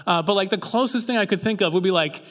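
High-voiced man preaching casually in a hall. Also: quick pace, fairly bright tone. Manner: conversational, acts out quoted characters with jokey voices. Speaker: pastor. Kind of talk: casual sermon. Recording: long reverb of a large hall.

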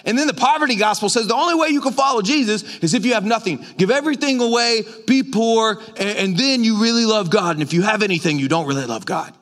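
A man's voice: high voice, expressive, fast talker, hardly any pauses, a bit bright. A man preaching a conversational sermon as pastor, emphatic and full of repetitions. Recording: long hall reverb.

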